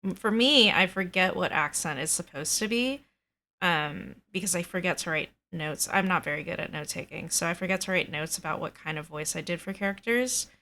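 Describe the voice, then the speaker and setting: A woman's voice: on the low side, fairly quick, sharp tone. A woman, the dungeon master of a tabletop game, chatting casually with her players in a rambling way, full of fillers. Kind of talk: casual chat.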